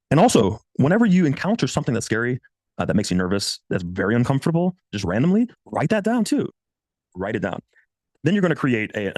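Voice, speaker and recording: A man in his thirties giving blunt, profane dating advice in a casual coaching monologue. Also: no echo. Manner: blunt, profane, animated, swings pitch for quoted voices.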